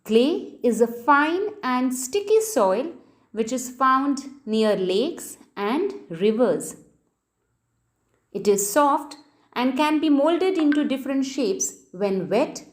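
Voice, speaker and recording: A woman's voice: sits high, sing-song, takes it slowly. A woman teacher, reading a textbook lesson to children and spelling out key words letter by letter.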